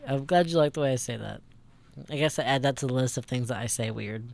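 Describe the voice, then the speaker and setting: A man's voice: mid-range voice, fast talker, gravelly, a little mellow. A young man from St. Louis, co-hosting a podcast in a rambling, casual way full of fillers and swearing. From St. Louis, Missouri. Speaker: podcast co-host. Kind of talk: casual chat.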